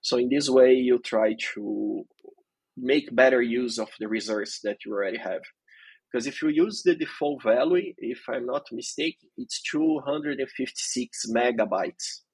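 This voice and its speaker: A man's voice: mid-range voice, unhurried, darkish tone, husky, no echo, poor audio. A man as a guest expert in a technical interview, explaining things patiently step by step.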